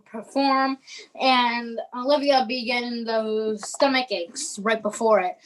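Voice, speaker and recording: A woman's voice: on the high side, fairly bright tone, far from the mic, rough recording. A young woman casually retelling a movie plot as co-host, with lots of fillers and restarts. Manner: rambling, filler-heavy retelling. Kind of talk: casual chat.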